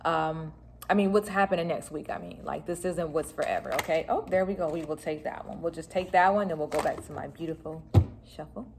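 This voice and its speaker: A woman talks through a tarot reading straight to camera. Her delivery is chatty and loose, full of fillers, and her voice sits a little low. Faint noise runs behind her. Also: a little fast, creaky. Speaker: tarot reader.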